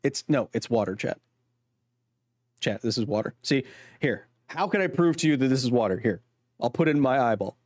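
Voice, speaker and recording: A man's voice: medium pitch, expressive, fairly quick, pauses often, a little mellow, dry recording, studio quality. A man hosting a casual gameplay livestream, joking as he reads and answers his chat's messages. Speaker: livestream host.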